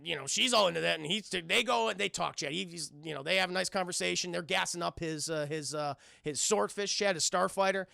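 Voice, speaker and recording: A man reviewing a cartoon on a stream, retelling scenes excitedly to his chat and cursing freely. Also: sits high, brisk, vocal fry, few pauses, no echo. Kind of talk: casual streamed commentary.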